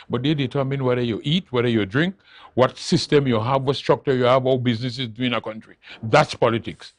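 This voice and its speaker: An older man speaks as a studio interview guest, hammering his points by saying them again and again. His voice sits at an ordinary pitch, and the sound is close and dry with no room echo. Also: fast. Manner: emphatic, repeats key phrases for emphasis. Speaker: interview guest, political leader. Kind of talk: studio talk show interview.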